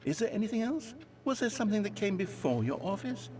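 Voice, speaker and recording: A theatrical, wistful game narrator. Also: male voice, high-pitched, very animated, fast, a little mellow. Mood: reflective. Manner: lilting, dramatic, swooping delivery. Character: wistful, theatrical male narrator, grandly nostalgic.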